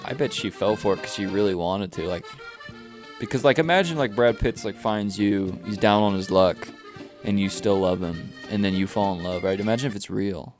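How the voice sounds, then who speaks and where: Radio co-host, male, lower voice, playful teasing, with faint music underneath. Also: normal speed, darkish tone. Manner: playful, teasing, laid-back asides. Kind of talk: casual comedic chat.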